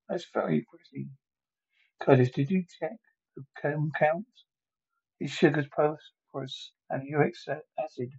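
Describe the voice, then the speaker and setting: Working alone, a man reads an entire movie script aloud, voicing every character and announcing the sound effects himself in a one-man dramatic reading. His voice is a little high and darkish, with vocal fry and a breathy edge, and the sound is lo-fi.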